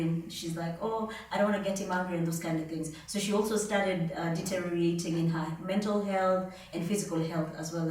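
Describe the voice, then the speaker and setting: A woman's voice: medium pitch, a little hiss or hum. Chatty woman telling a story in an echoey room. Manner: chatty, recounts a story with quoted dialogue and "da, da, da" asides. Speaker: podcast host. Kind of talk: casual storytelling. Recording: echoey room, mic at a distance.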